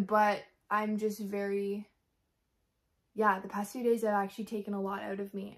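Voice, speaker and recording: Tired woman, soft halting faith vlog. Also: mid-range voice, little pitch movement. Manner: soft, halting, heartfelt talk with many fillers. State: tired, worn-out voice. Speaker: faith vlogger. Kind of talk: candid personal vlog.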